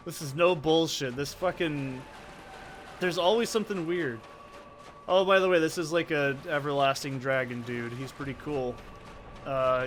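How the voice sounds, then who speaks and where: A man's voice: medium pitch, noisy background. A man from Oregon with an Oregon accent, giving casual, rambling gameplay commentary full of swearing and off-topic tangents. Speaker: let's play gamer. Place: soundproofed corner at home. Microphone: desk condenser mic with pop filter.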